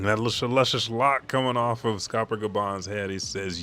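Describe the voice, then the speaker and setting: A man's voice: on the low side, steady tone, moderate pace, hardly any pauses, a bit bright, soft background music. A man casually reading a comic aloud with offhand, profane commentary. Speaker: manga reader and commentator.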